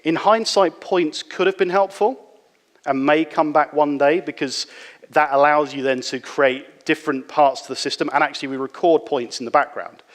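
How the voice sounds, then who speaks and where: A man giving a relaxed, conversational conference talk, with frequent fillers and restarts. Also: mid-range voice. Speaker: conference speaker. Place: conference hall. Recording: reverberant hall.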